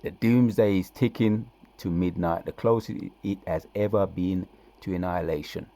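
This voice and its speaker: Man, very low voice, gravelly, preaching scripture, slow verse reading, frequent "right?". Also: steady tone, mellow. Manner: reads verses slowly then comments with frequent "right?" and "man". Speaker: scripture teacher.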